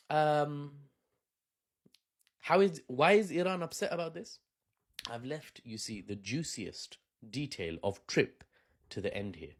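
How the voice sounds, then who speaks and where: Joking male commentary host with lively pitch. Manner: joking, chatty, laughs often, self-deprecating asides. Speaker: video host. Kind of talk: casual commentary.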